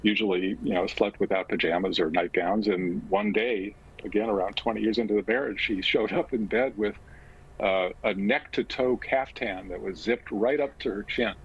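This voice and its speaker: A low, gravelly older man tells a long personal story, pausing often as he speaks. His voice sounds husky. The remote call audio is dull and lo-fi. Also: steady tone. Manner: slow, measured storytelling with frequent pauses. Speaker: guest, physician and author.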